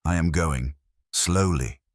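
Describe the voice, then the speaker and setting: A man's voice: extremely low pitch, takes it slowly, dry recording, heavily acted. Defiant young refugee woman, read by a man, sardonic and bitter, dry close sound.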